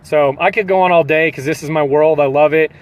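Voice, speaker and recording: A man's voice: on the high side, fairly quick. A man speaking as a fitness coach in an earnest, emotional motivational pep talk, repeating phrases for emphasis. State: holding back tears.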